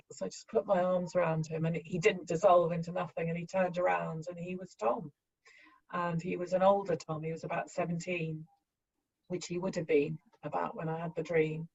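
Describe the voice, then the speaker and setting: A woman earnestly recounting a personal story, halting and acting out the lines of the people she quotes. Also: lowish voice, darkish tone, muffled recording. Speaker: bereaved mother sharing her story.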